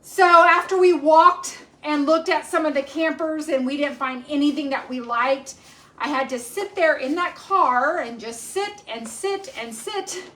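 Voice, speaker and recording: A woman's voice: sits high, measured pace, pushed and bright. A woman hosting a home cooking live stream, chatting in a rambling way with lots of ums as she cooks in her kitchen. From Texas. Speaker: cooking show host.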